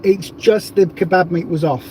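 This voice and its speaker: High-pitched guy rambling and joking on a livestream, a bit of hiss behind him. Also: steady tone, normal speed, darkish tone. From south of England. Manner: chatty, rambling, jokey. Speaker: livestream host. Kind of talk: casual livestream chat.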